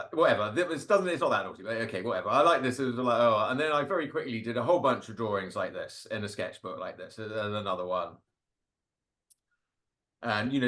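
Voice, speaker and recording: A man's voice: on the low side, fairly bright tone. A man, a cartoonist and guest speaker, talking casually and rambling about his drawings, full of fillers and little laughs. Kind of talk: casual talk over slides.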